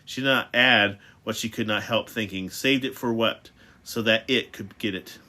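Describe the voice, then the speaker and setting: A man's voice: medium pitch, normal speed, pushed and bright. A man reading a novel aloud, with frequent stumbles and restarts. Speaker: reader.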